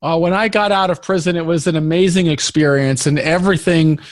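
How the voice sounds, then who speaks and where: Male host, higher pitch, enthusiastic casual interview chat. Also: fairly even intonation, a little fast.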